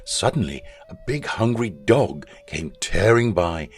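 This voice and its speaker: Deep-voiced man reading a children's story. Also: a little slow, breathy edge. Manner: expressive, animated storytelling. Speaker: school chaplain.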